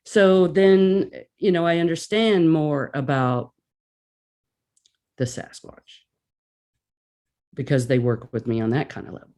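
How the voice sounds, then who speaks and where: Woman guest, casual storyteller, animated, plays out her reactions. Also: deep voice, takes it slowly, pauses often.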